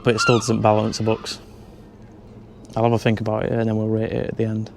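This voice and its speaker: This man's voice sits on the low side, gravelly and monotone, and he talks briskly against background noise. A travel vlogger with a handheld camera, he chats casually through pubs and streets, indoors and out, delivering dry, joking pub reviews.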